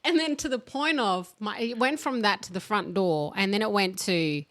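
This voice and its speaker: A woman co-hosting a podcast, chatting casually and acting out her mother's scolding in lively bursts. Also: mid-range voice, normal speed, no room sound, studio quality. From Australia. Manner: animated storytelling, acting out her mum's scolding voice. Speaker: podcast co-host. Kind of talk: casual chat.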